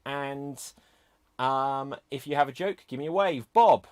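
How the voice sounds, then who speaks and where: A man hosting an online improv game, animated, laughing often and calling on players. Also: mid-range voice, measured pace, clean tone. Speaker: improv host.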